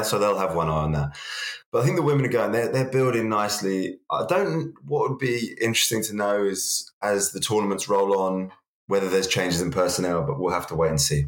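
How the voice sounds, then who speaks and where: A man co-hosting a casual rugby podcast, relaxed and jokey, with plenty of fillers. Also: low voice, echoey room. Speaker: podcast co-host.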